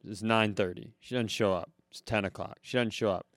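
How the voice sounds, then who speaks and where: A man on a comedy podcast telling a long story casually, animated and profane, laughing at his own punchlines. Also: fairly low pitch, fairly quick, no room sound, studio quality. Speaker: podcast co-host.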